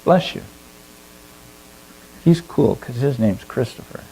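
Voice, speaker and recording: A man telling a long story to a fellowship gathering in an animated way, often chuckling. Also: mid-range voice, slow, gravelly, heavy background noise. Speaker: speaker at a fellowship service. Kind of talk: storytelling sermon.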